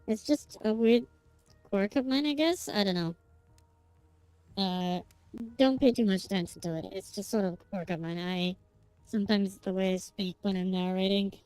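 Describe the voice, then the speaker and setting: Female streamer reading game text aloud; mellow and dry, self-conscious chatter, accent drifts. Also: mid-range voice, normal speed, clear, resonant tone, dry recording, faint music behind, low-quality recording. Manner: slips between accents when narrating.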